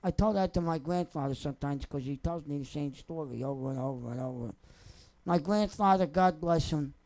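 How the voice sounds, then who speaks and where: A man's voice: on the high side, brisk, darkish tone, rough recording. A young man, a singer telling personal stories off the cuff in a rambling, wry, joking way. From New Jersey. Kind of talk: casual off-the-cuff storytelling.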